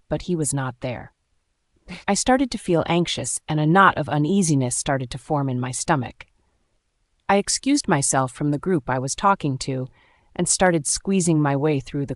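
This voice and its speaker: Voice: mid-range voice, no room sound, clean studio sound. A narrator reading a first-person romance story aloud with dramatic, emotional delivery.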